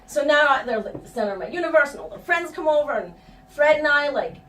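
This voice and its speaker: A woman's voice: high-pitched, expressive, quick pace, fairly bright tone, a little hiss or hum. Frank, profane middle-aged woman storyteller. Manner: frank, profane, laughing at herself. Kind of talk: live personal storytelling. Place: stage before a live audience. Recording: echoey room, distant mic, faint ambience.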